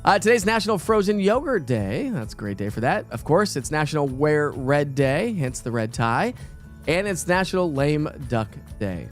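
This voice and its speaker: A chatty middle-aged man hosts a morning weather show, wandering from forecast to trivia with many fillers. His voice sits a little high. Faint music plays under him. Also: sing-song, normal speed. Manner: chatty, rambling, filler-heavy.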